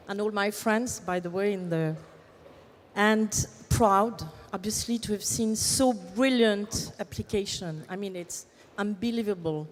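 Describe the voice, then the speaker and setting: A woman speaking on stage at a ceremony in an emotional, halting way. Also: medium pitch. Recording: hall reverb.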